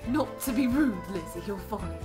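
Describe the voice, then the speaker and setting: A woman playing Ciel, a bossy young boy earl, in cosplay role-play over a video game. She teases dryly and breaks into laughing shouts. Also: medium pitch, expressive, normal speed, close to an everyday voice. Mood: haughty. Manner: bossy, dry teasing, bursts into laughing shouts. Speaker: gaming channel host. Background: game music.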